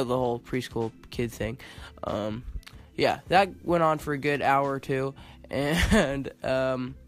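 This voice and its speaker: A man's voice: mid-range voice, vocal fry. A man hosting a casual video, telling childhood stories in a rambling, giggly way with lots of fillers. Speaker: host. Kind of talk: casual storytelling.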